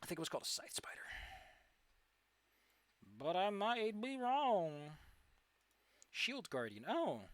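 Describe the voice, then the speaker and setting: A man's voice: high-pitched, very animated, slow, long pauses, no echo. A young man streaming a game and talking casually, ranting sarcastically and swearing freely as he plays. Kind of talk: casual gaming stream chat.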